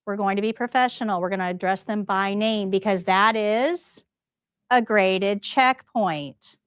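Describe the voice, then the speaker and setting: A woman instructor runs a live test prep class for nursing assistants, speaking emphatically and directly to her students and often throwing rhetorical questions at them. Her medium-pitched voice is unhurried, clear and resonant. The recording is dry, with clean studio sound.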